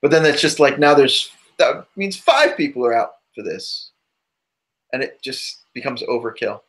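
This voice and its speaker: A man's voice: mid-range voice, expressive, moderate pace, fairly bright tone. Rambling man co-hosting a podcast. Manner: rambling and loose, full of asides. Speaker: podcast co-host. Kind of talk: casual chat.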